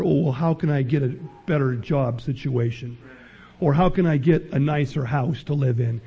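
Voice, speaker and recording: A man preaching a sermon as pastor, emphatic and rising to loud peaks. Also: a little high, creaky, husky. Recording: dull lo-fi sound.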